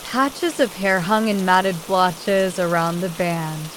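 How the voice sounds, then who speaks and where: A woman reading a horror story aloud as an audiobook narrator, in a measured, deliberate way. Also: fairly low pitch, a bit bright, a little hiss or hum, poor audio. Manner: slow, measured reading with voiced quotes. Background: rain sound.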